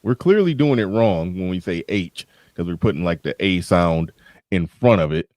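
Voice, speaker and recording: A man's voice: low-pitched, expressive, moderate pace, darkish tone, no room sound. A man hosting a casual livestream chat, rambling and often restarting his sentences, into a studio mic with a pop filter. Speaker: host.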